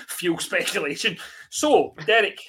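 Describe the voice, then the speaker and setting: A man hosting a casual football podcast, laughing often and talking in quick bursts. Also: high-pitched, huge pitch swings, pushed and bright, husky. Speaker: podcast host.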